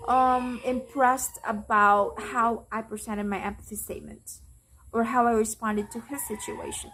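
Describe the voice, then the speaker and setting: A young woman from the Philippines talks in English, which is not her first language, pitched a little high. She gives casual call center advice, circling back with fillers and restarts as she goes. A faint hum of noise sits behind her. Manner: chatty, many fillers and restarts. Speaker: call center agent vlogger. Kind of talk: casual advice talk to camera.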